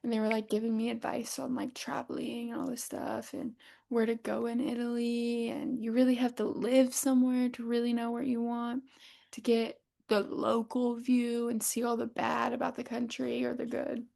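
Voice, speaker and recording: An American woman co-hosts a podcast, her voice pitched on the high side with some vocal fry, moving at a normal speed. She tells stories in casual chat, animatedly acting out what other people said and laughing often.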